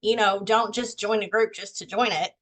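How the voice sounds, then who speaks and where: A woman's voice: mid-range voice, fairly even intonation, moderate pace, rough recording. A young woman on a video call giving a casual, folksy pep talk to her team, a bit out of breath. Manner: candid, folksy, self-deprecating. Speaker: team member sharing sales tips.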